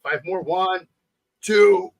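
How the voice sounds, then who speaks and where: A man co-hosting a casual podcast chat, telling profane stories that often rise to excited shouting. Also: high-pitched, drawn-out words, gravelly, dry recording. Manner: loud, profane storyteller, gets excited and shouty. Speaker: podcast co-host.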